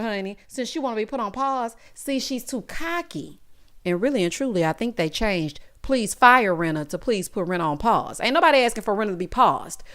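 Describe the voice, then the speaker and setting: A woman hosting a reality TV recap channel, talking in a sassy, casual way and calling her viewers honey and child. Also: fairly high pitch.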